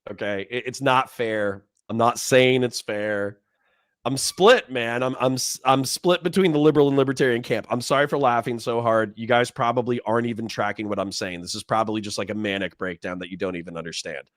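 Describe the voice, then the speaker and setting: A man's voice: medium pitch, steady tone, a little fast, no echo, clean studio sound. A man hosting a casual political debate stream, laughing hard and apologizing again and again. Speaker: streamer host.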